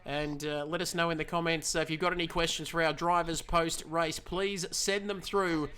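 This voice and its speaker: A man's voice: fairly high pitch, little pitch movement, moderate pace, bright, forceful tone, clean tone. A man commentating a sim race live, upbeat and chatty as he runs through the results as league host.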